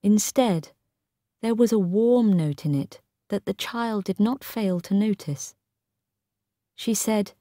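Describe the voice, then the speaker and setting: A woman narrating a short story in a careful, clear way for English learners. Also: mid-range voice, slow pace, mellow, no echo, studio quality.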